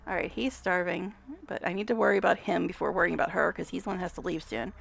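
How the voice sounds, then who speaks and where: A woman's voice: lowish voice, fairly even intonation, fast, vocal fry, dry recording. A woman giving casual gameplay commentary, chatty, talking to the game characters, swearing and laughing often. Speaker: gamer vlogger.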